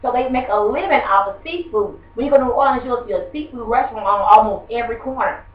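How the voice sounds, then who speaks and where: A woman's voice: fairly high pitch, fast talker. A woman teacher, giving a rambling, conversational classroom lesson and quizzing the class. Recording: muffled echoey room from far off.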